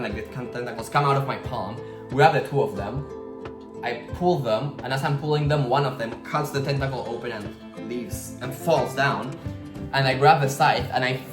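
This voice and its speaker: A man's voice: medium pitch, moderate pace. A man vlogging in a casual, rambling way, swearing freely and filling his talk with "like.". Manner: rambling, slangy, swears freely, many "like" fillers. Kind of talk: casual storytelling vlog. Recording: roomy echo with guitar music behind.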